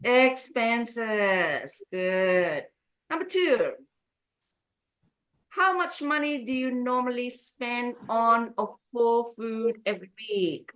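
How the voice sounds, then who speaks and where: A woman's voice: on the high side, lively intonation, a bit bright. A woman teaching an English lesson, drawing out words to model stress and asking learners questions. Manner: drawn-out modeling of word stress. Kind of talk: online business English lesson.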